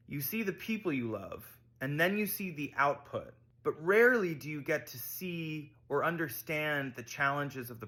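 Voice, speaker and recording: A man giving thoughtful, measured spoken commentary. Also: on the high side, pushed and bright.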